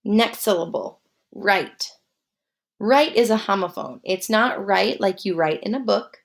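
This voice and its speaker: With a mid-range voice touched by vocal fry, a woman runs a spelling lesson. She reads each word slowly, then spells it out one letter at a time.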